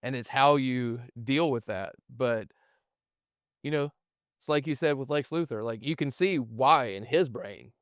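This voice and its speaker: A man who acts, speaking as a guest on a casual podcast. His voice sits in an ordinary middle pitch, recorded dry and close. He rambles thoughtfully and often restarts his sentences. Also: unhurried, no echo. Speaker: actor guest.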